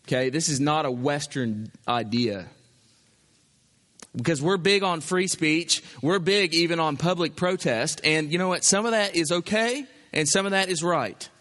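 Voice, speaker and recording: A man preaching a sermon in a high, bright, forceful voice. His delivery is animated, and he sometimes acts out an imagined objector. A long hall reverb trails his words. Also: moderate pace. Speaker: pastor.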